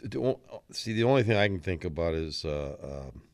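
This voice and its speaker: A man's voice: sits low, animated, fairly quick, darkish tone, dry recording, studio quality. A man co-hosting a radio show in casual banter, often hesitating with fillers while he thinks. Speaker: radio co-host.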